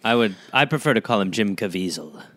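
A middle-aged man co-hosting a comedy podcast, riffing loudly and indignantly with plenty of profanity. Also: lowish voice, expressive, a little fast. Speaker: comedian co-host. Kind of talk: casual comedic banter.

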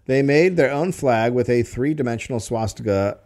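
A man's voice: mid-range voice, normal speed, a little mellow. A man hosting a comedy history podcast, reading old texts aloud and breaking off for dry jokey asides.

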